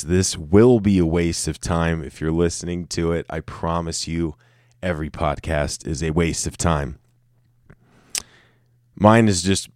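A man's voice: deep voice, a little mellow, no echo, clean studio sound. A man in his thirties from Colorado, hosting a casual solo podcast, rambling and self-mocking and swearing freely. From Colorado, United States. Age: 30s. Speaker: podcast host. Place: room with a camera and light set up.

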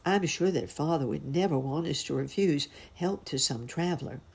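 Storybook boy, gentle and earnest, husky tone, voiced by a woman. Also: low voice, normal speed. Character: kind brave older boy, gentle.

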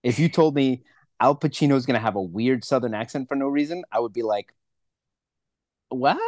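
A man's voice: medium pitch, quick pace, darkish tone, no room sound. A man co-hosting a casual movie review podcast, ranting and swearing in a rambling way. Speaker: podcast co-host.

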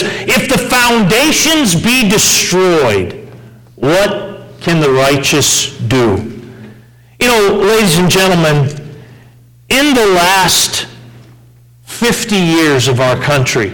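A male pastor preaching an earnest, story-driven sermon, with frequent restarts and fillers, slowing down to stress key phrases. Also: sits high, fairly bright tone, poor audio. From United States.

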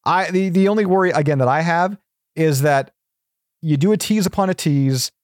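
A man's voice: on the high side, normal speed, darkish tone, no echo, studio quality. A man joining a podcast as a guest in casual chat, earnest and hesitant, with many fillers.

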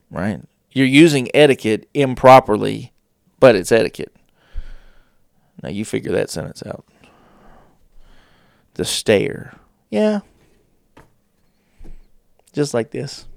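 A man hosting a casual advice talk, with deliberate pauses and playful shifts of tone. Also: medium pitch, vocal fry, a little mellow, no echo, clean studio sound. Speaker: host.

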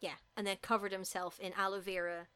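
A woman, casually retelling a film as a giggly, animated storyteller. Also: mid-range voice, a little fast, clean tone. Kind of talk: casual chat recapping a film.

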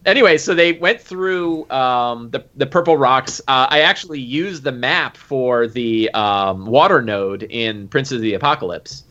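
A man who runs a tabletop game, recapping a session in casual, animated chat with lots of fillers. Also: mid-range voice, a little slow, few pauses. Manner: animated, full of fillers and acted quotes. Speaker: game master. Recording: dull lo-fi recording.

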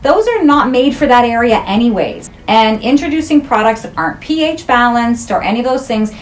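A middle-aged woman with a slightly high voice talks in a chatty, frank way. She explains her work as an esthetician with easy humor. A faint noise sits behind her. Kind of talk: casual interview.

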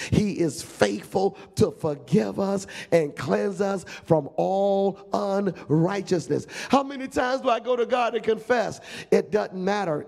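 Male pastor, fervent sermon, emphatic storytelling, gravelly, raised pitch. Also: a little mellow.

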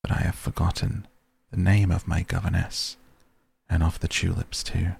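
A man's voice: low voice, level tone, moderate pace, gravelly, breathy edge, full character voice. Wistful ghost child, whispered sorrow, storybook, read by a man. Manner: hushed, wistful, old-fashioned speech. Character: sad faint ghost child from long ago.

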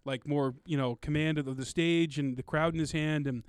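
A man in casual podcast chat, talking excitedly in slangy, loose phrasing. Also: on the high side, normal speed, smooth, no room sound.

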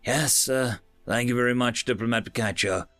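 A man's voice: medium pitch, moderate pace, fairly bright tone, soft background music, natural voice. A man reading the lines of a polite, slightly hesitant human astronaut in a science fiction story. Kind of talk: audiobook character voice.

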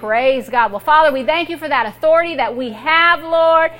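A woman's voice: high-pitched, moderate pace, few pauses, a bit bright. A woman pastor preaching a fervent sermon and prayer, leading the congregation in call-and-response declarations.

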